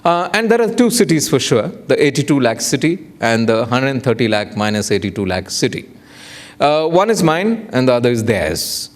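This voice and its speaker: A man's voice: medium pitch, big pitch swings, moderate pace. A man giving a public lecture, rhetorical and playful, often putting questions to the audience. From India. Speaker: guest lecturer.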